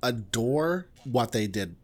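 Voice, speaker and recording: A man's voice: medium pitch, expressive, slow pace. A man from the States, chatting casually and animatedly about a film and swearing freely. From southern United States. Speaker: podcast co-host.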